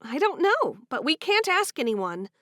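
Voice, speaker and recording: A woman's voice: sits high, very animated, a little slow, fairly bright tone, dry recording, studio quality, voice pushed up, exaggerated voice. A woman voicing an anxious, caring young Amish woman in an audiobook. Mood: worried.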